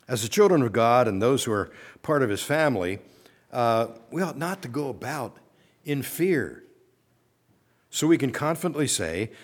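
A male pastor delivers a sermon in a mid-pitched voice, talking it through with his congregation. He stumbles over fillers and repeats words as he thinks aloud. He slows right down when quoting scripture. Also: lively intonation. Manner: conversational preaching with many fillers and restarts, slowing for scripture; rising with emphasis on declarations.

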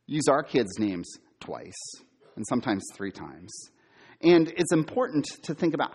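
A middle-aged man preaching a sermon, quizzing his listeners and repeating key words for emphasis, sometimes loud and sometimes hushed. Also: medium pitch, breathy edge. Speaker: preacher, former campus minister.

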